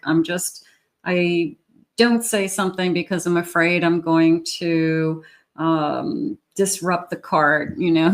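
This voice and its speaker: Middle-aged woman, low-pitched, rambling casual tarot reading with small laughs. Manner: chatty, rambling with restarts and little laughs. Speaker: tarot reader.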